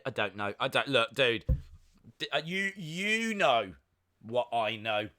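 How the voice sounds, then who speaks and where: A man's voice: a little high, wildly swooping pitch, slow, sharp tone. A man hosting a live wrestling reaction stream, chatty and jokey, often laughing and slipping into mock voices. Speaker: livestream host.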